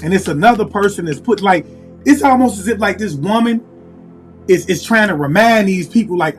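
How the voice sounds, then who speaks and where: Expressive and moderately paced, a high-voiced man delivers a casual tarot reading, musing to himself and repeating phrases as he summons spirit. Faint, soft music runs beneath him.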